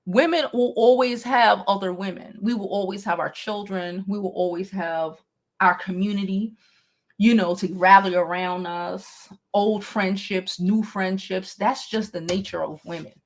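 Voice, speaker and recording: A young adult woman hosting a gossip and advice show, chatting casually to her livestream viewers, animated, laughing often and swearing freely. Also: mid-range voice, a little slow.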